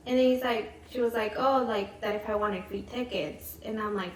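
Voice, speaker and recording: A young mother with a mid-range voice co-hosts a casual chat at home, telling family stories fairly quickly with few pauses and fairly even intonation. She says "like" a lot and quotes her kids. The room echoes, the mic is at a distance, and there's faint noise.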